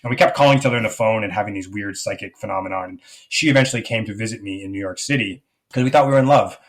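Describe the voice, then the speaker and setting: A man's voice: fairly low pitch, rapid-fire. A man being interviewed as a guest, a life coach telling a personal story earnestly, with many fillers.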